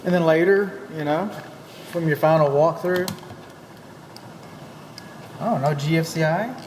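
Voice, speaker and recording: A man's voice: fairly high pitch, unhurried. A man with a Texan accent, a home inspector giving a folksy, chatty walkthrough with joking asides. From Texas. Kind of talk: walkthrough narration to a client. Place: empty new house interior. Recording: echoey empty rooms, steady background noise.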